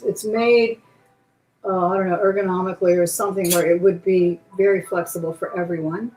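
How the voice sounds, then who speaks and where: A woman's voice: mid-range voice, darkish tone. A woman hosting a live jewelry sale, chatting casually as she shows and describes each piece. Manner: chatty, describes pieces while handling them. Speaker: auction host. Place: indoor room. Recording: roomy echo, faint music behind.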